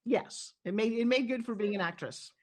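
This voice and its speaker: A middle-aged woman from New York with a New York accent, telling stories as an animated, emphatic interview guest. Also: a little high, moderate pace. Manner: animated storyteller, lively and emphatic. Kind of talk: candid interview talk.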